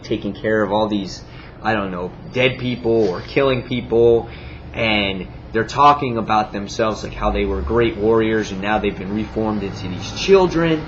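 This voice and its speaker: A man's voice: lowish voice, highs cut off, slight background noise. A man giving a casual comic book review, enthusiastic and rambling, full of fillers and acted-out quotes.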